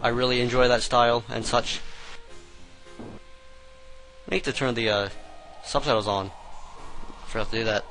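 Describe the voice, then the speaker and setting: A man's voice: mid-range voice, steady tone, brisk, a bit bright, poor audio. A young man giving casual, rambling let's-play commentary, hesitant and chatty.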